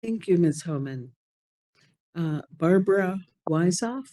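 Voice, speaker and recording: A woman with a low, mellow voice runs a public hearing. She is polite and businesslike as she calls commenters and swears them in. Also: animated, slow. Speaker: hearing officer. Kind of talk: formal procedural.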